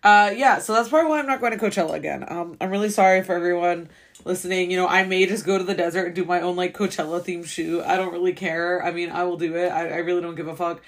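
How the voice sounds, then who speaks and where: Fast-talking chatty young woman. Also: lowish voice, steady tone. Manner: rambling, chatty, filler-heavy, upbeat. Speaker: podcast host. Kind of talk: casual solo podcast chat.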